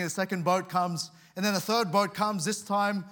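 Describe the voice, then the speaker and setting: Preacher, male, slightly high voice, earnest, stumbling restarts, swells for emphasis. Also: steady tone, normal speed, sharp tone. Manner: earnest, repeats words and restarts often; tells a story with dramatic rises in volume. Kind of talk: sermon.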